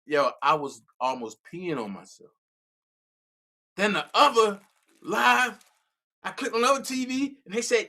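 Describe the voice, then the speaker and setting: A man's voice: high-pitched, expressive, unhurried, long pauses, sharp tone. A man hosting a live stream, talking casually and animatedly, stammering and repeating words. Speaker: livestream host.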